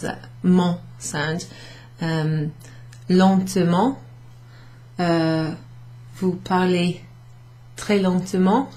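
Slow, patient woman teaching. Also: on the low side, a little mellow, rough recording. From United Kingdom. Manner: patient, with many ums and repeated French words. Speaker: French teacher. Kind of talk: slow classroom explanation. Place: pub function room, recorded lesson.

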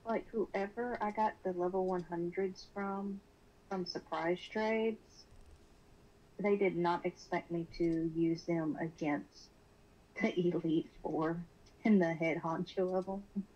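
A woman's voice: fairly low pitch, fairly even intonation, slow pace, darkish tone, muffled recording. A woman guest on a casual stream, chatting in an easygoing, giggly way.

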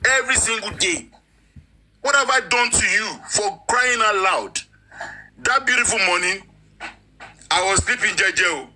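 A man's voice: high-pitched, a little slow, pauses often, pushed and bright, a little hiss or hum, poor audio. A man, speaking as a panelist on a live debate, indignant and defensive as he insists on his account.

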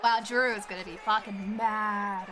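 A young woman streaming a game, excitable, swearing often and laughing between reactions. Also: mid-range voice, a little slow, a crowd in the background. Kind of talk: casual live-stream commentary.

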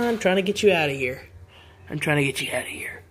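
A vlogger coos at pet birds at home in a lilting baby-talk voice that leaps high and drops low, mid-pitched. Faint noise sits under the recording. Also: animated, brisk, fairly bright tone. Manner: sing-song coaxing baby talk. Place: at home by birdcages.

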